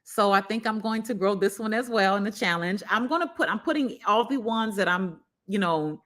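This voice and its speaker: A woman's voice: mid-range voice, moderate pace, a bit bright. A woman with a Southern US accent hosting a live gardening stream, chatty and openly emotional, with frequent "you know" fillers. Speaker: gardening channel host.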